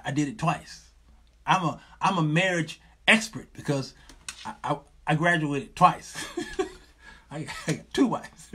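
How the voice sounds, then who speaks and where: A middle-aged man hosting a talk show, giving sermon-like advice in an animated, joking, preacherly manner with lots of repetition. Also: a little high, husky.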